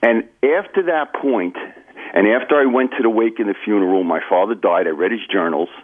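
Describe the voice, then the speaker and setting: Speaking briskly in a voice on the low side, a male author and recovery guest recounts his recovery in a radio interview. His manner is earnest and confiding, he addresses the host by name, and the audio is from a phone line.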